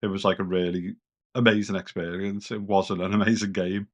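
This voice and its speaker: British bloke on a gaming podcast, slightly low voice, loose rambly chat, swears a bit. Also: male voice, little pitch movement, fairly quick. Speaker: podcast co-host.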